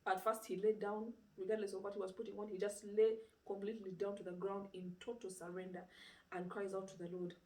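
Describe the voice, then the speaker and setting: A woman's voice: medium pitch, fairly quick, recorded from a distance. A woman giving an informal sermon, retelling a story with rhetorical questions and conversational fillers. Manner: lively retelling with rhetorical questions and frequent "you know". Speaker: preacher. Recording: roomy sound, speaker away from mic.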